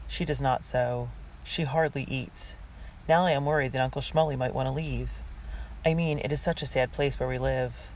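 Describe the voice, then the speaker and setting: A man's voice: medium pitch, gravelly, darkish tone, slight background noise, poor audio. Earnest reader narrating a girl's diary. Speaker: audiobook reader.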